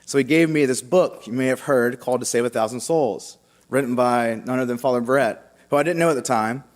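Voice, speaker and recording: A young man speaks to a congregation about his own path, his talk loose and halting, full of fillers and restarts. His middle-pitched voice carries a long reverb from a large church. It sounds like a personal testimony given from the front of the nave. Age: young adult. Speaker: seminarian giving a vocation talk.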